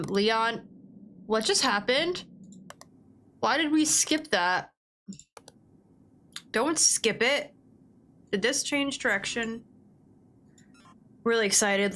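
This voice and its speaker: A woman's voice: mid-range voice, sharp tone. A woman gaming livestreamer chatting casually at her desk, talking bluntly and swearing freely while she plays.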